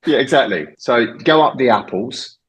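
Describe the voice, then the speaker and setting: A man's voice: mid-range voice, lively intonation, moderate pace, a bit bright, low-quality recording. A middle-aged man from England, an English teacher, chatting casually and explaining slang, laughing often. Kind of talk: casual chat about slang.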